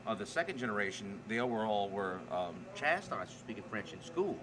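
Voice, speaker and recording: A man's voice: on the low side, very animated, brisk, background noise. A man with a Cajun Louisiana accent, talking as a podcast guest in a folksy, joking way, often repeating words as he starts sentences. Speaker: chef and guest. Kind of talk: casual podcast chat.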